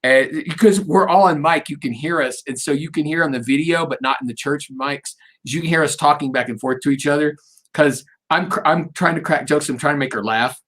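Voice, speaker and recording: A middle-aged man in a relaxed radio interview, winding through personal anecdotes with frequent restarts. He talks in a loose, joking, storytelling way. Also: a little high, brisk. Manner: rambling, storytelling, jokey. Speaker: radio show host. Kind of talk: casual interview chat.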